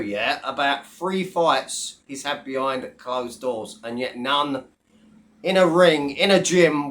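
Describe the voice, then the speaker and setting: A man's voice: fairly high pitch, fairly bright tone. A man ranting to camera as an online commentator, blunt, sweary and mocking. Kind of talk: profane rant to camera.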